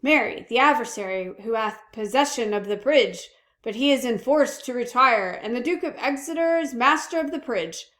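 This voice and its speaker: A woman's voice: a little high, expressive, normal speed, a bit bright. A woman reading aloud, voicing a fussy army captain in an emphatic, earnest way. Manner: earnest, emphatic, self-admittedly weak accent attempt. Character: fussy Welsh army captain, stickler for discipline.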